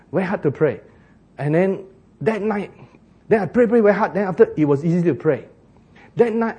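Husky man preaching with humor. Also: fairly high pitch. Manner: jokey, laughs often, rising to loud bursts. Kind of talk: sermon.

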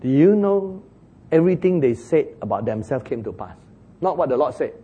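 A man preaching a sermon in an animated way, chuckling as he talks and acting out the lines he quotes. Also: fairly high pitch, moderate pace, husky, narrow, tinny audio. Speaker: pastor.

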